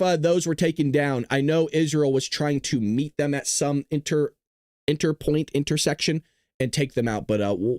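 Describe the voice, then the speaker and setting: A man's voice: on the high side, dry recording, studio quality. A tired man hosting a casual news commentary livestream, rambling, cursing freely and giggling often. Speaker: show host.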